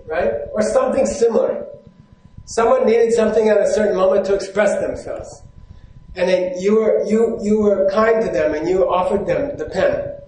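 A man with a high voice teaches from a stage in a large hall, and the sound rings heavily off the walls. He talks in a loose, conversational way. He keeps asking his listeners questions and checking that they follow. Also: dark tone. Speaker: Buddhist teacher. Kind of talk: teaching talk to a live audience. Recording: very echoey hall.

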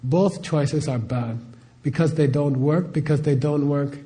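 Middle-aged male teacher, slightly high mellow voice, casual conversational delivery, peppers his talk with rhetorical questions. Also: unhurried. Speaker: spiritual teacher.

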